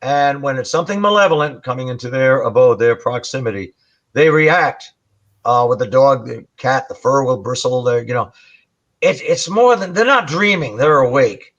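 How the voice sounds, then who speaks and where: A man telling a paranormal case story as a guest on a live stream, animated and colorful. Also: mid-range voice, normal speed. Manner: animated storyteller, imitates growls. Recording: muffled lo-fi stream audio.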